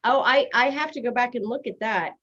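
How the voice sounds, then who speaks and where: A woman hosting a casual live stream, talking fast and chatty and giggling at herself. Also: on the high side, fairly bright tone, slightly rough. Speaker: host. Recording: dull lo-fi stream audio.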